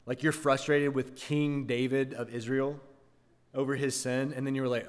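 A man's voice: mid-range voice, little pitch movement, moderate pace, in a large hall. A man preaching a sermon, earnest, asking the congregation rhetorical questions. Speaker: pastor.

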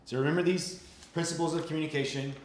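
A man's voice: on the high side, steady tone, fast talker, a little hiss or hum. A man preaching a conversational sermon as a pastor, with frequent restarts and casual fillers. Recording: roomy sound with faint ambience.

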